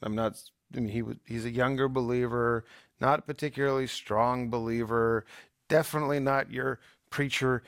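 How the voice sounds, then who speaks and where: A man on a talk show telling a story in an animated, emphatic way, often restarting his sentences. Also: medium pitch, normal speed, no echo, studio quality. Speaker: co-host.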